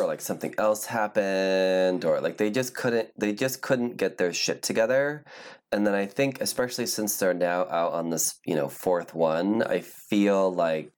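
A man hosting a podcast, chatting casually and loosely about news, swearing now and then. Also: lowish voice. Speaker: podcast host.

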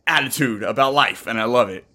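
A man's voice: mid-range voice, a little fast, bright, forceful tone. A man hosting a casual interview, joking around and playfully putting on voices. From California. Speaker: host, interviewer.

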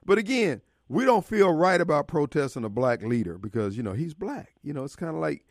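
A Mississippi man hosts a call-in radio show, talking bluntly and preaching his point with emphatic laughs. His voice sits high and swings widely in pitch. The studio sound is close and dry. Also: very animated, a little fast, no echo. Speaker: radio talk show host. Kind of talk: opinionated call-in radio talk.

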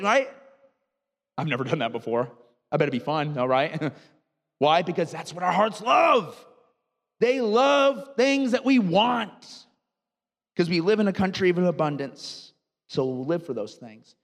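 A man in his thirties, a pastor from the United States, preaching a sermon and telling animated personal stories that make him laugh. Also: high-pitched, normal speed, big-room sound. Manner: storytelling, animated, laughs at own anecdotes.

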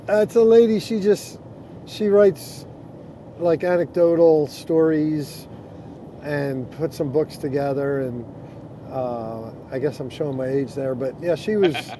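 A middle-aged man, a pastor, chatting casually on earphones from inside a car, reading scripture slowly and then talking loosely with fillers. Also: a little high, mellow. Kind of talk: casual chat on a social audio app. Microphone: earphones with mic. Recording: clear car and road noise.

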